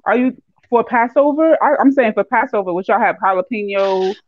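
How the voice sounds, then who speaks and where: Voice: mid-range voice, fairly quick, no room sound. A speaker with a New York accent in casual group call banter, insistently asking questions. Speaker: call participant. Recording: dull lo-fi call with noise.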